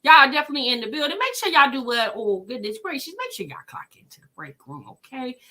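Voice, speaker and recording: Woman livestream host, high and sharp-toned, chatty and sassy. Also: sing-song, fast talker. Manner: chatty, greets viewers by name, sassy asides. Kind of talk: casual livestream commentary.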